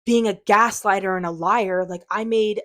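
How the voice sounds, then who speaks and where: A woman's voice: medium pitch, fairly even intonation, normal speed, a bit bright. A woman talking to her viewers in an unscripted vlog, defensive and frustrated, rambling with lots of fillers. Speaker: channel owner.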